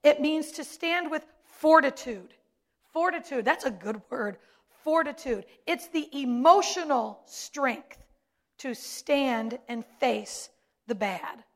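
A woman's voice: sits high, lively intonation, slow pace. A woman, a pastor's wife, preaching a sermon with emphatic delivery and repeated key words.

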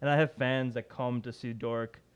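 A man, a podcast guest talking casually about his magic and improv work, chatty and self-deprecating with quick restarts. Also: mid-range voice, steady tone, clean tone.

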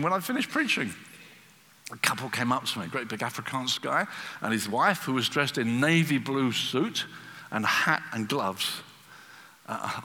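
A man preaching a sermon, a lively storyteller who acts out the voices he quotes. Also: medium pitch, big-room sound.

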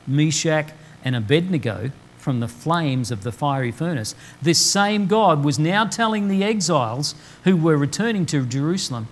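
Guy preaching in church, slightly high voice, draws out the bible quotes slow. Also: lively intonation, low-quality recording. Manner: emphatic, slow deliberate quoting of scripture. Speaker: pastor. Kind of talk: sermon.

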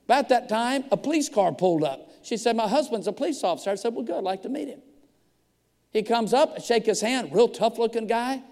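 A man preaching as a pastor, telling a story with lively acted-out dialogue. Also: very high-pitched, brisk. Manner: animated storyteller acting out dialogue. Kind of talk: storytelling sermon. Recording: long hall reverb.

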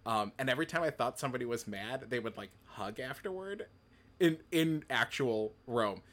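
A man's voice: mid-range voice, expressive, moderate pace, fairly bright tone. A man co-hosting a podcast, telling long stories in casual chat with many fillers and restarts. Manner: rambling, filler-heavy storytelling. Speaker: podcast co-host.

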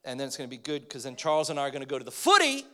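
An American man preaching a sermon to a congregation, talking in an energetic, joking way that rises to emphatic points. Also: medium pitch, very fast. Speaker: pastor. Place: church, in front of a congregation.

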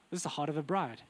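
A man preaching a sermon with intense, urgent delivery that drops to quiet, intimate asides. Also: fairly high pitch, slight background noise.

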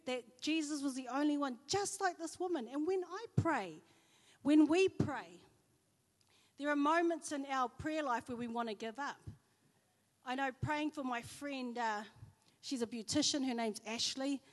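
A woman's voice: sits high, normal speed, in a large hall. A woman with a New Zealand accent preaching a sermon, telling personal stories and acting out the dialogue.

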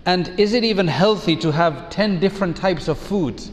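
Man preaching in a reverberant space. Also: high voice. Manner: measured, reflective delivery with rhetorical questions. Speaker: Islamic preacher. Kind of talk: sermon.

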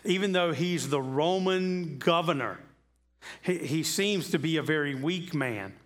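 A man's voice: on the high side, lively intonation, measured pace, fairly bright tone. A man preaching a conversational sermon, talking casually, repeating himself and asking the congregation rhetorical questions. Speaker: pastor. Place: church sanctuary.

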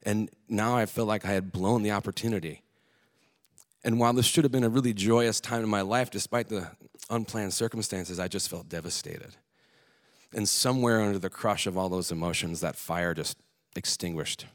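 A man's voice: lowish voice, moderate pace. A man telling his own story to an audience, candid and earnest, with casual swearing and some restarts. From Alaska. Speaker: speaker telling a personal story on stage. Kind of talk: personal storytelling talk.

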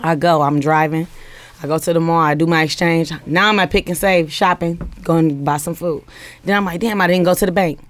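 A woman's voice: deep voice, fairly even intonation, normal speed, no echo. A woman, animatedly telling a story with quoted dialogue in a casual group chat.

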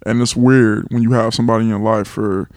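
A man's voice: lowish voice, flat delivery, fast talker, darkish tone, dry recording. A man in his late twenties from Los Angeles, a guest co-host talking candidly in casual chat. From California, Los Angeles. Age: 20s. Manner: candid, reflective, laughs readily.

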